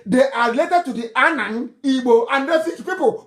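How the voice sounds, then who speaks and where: A man's voice: extremely high pitch, brisk, a bit bright. A middle-aged man with a Nigerian accent giving a fiery live broadcast speech, mocking and scornful, often breaking into laughter. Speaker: political broadcaster.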